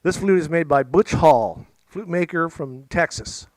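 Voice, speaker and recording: A man's voice: a little high, expressive, a little slow, dry recording. Chatty male storyteller, dry close sound. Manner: chatty, jokey, playful asides. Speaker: musician and storyteller. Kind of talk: casual storytelling to a library audience. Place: library event room.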